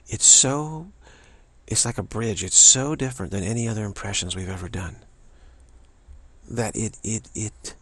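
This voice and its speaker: A man giving a spiritual practice talk, halting and musing, with frequent restarts and repeated phrases. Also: lowish voice, a bit bright, breathy edge. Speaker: spiritual teacher.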